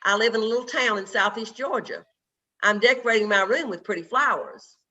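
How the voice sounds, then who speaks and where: A troubled small-town young man telling his story in earnest, as a preacher reads him out. the voice sits high and sounds very bright and forceful, coming through dull, lo-fi video call audio. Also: fairly quick. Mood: sorrowful. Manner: earnest first-person storytelling.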